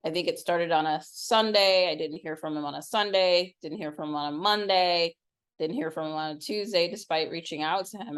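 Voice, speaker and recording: A middle-aged woman co-hosting a podcast, telling a personal story in casual chat and acting out quoted lines with big jumps in pitch. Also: fairly bright tone, smooth. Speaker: podcast co-host.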